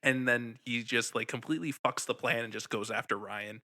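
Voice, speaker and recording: A man co-hosting a casual film podcast, excitable and profane, rambling through a plot with many restarts. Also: mid-range voice, normal speed. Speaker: podcast co-host. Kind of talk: casual film review chat.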